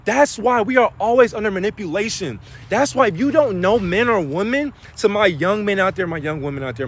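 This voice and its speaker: On a live spiritual stream, a man talks loosely and casually, swearing and using street slang before breaking into animated preaching. His voice sits high and sounds husky.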